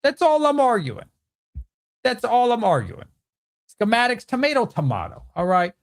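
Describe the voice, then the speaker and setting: A man with an animated, bantering manner, hosting a casual livestream Q&A from home and answering chat comments. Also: extremely high pitch, normal speed, long pauses. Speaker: host.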